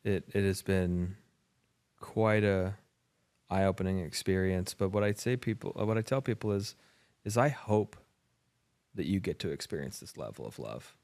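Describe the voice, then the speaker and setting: Some guy hosting a podcast, low voice, real earnest, drops a swear here and there. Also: lively intonation, normal speed, darkish tone. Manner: reflective, earnest, swears casually. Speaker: podcast host. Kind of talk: casual heartfelt conversation.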